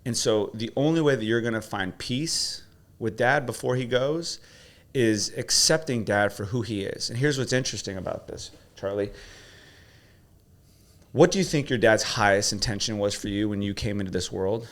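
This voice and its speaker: A man's voice: lowish voice, normal speed. A man coaching his host through questions, then telling a personal story with emotion. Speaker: guest coach.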